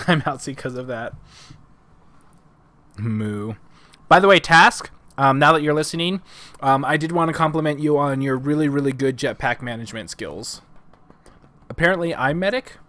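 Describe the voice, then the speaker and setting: A man's voice: medium pitch, normal speed, pauses often, bright, forceful tone, no room sound. A man live-streaming and coaching a game, chatty and giggly, filling gaps with ums and uhs into a headset mic. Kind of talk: casual live-stream commentary.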